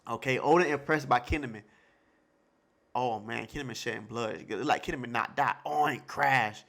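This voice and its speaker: Excited man reacting to a manga. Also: mid-range voice, normal speed, creaky. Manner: excited, repeats lines, reads panels aloud; loose slangy casual talk. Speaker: manga reaction channel host. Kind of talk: live reading reaction.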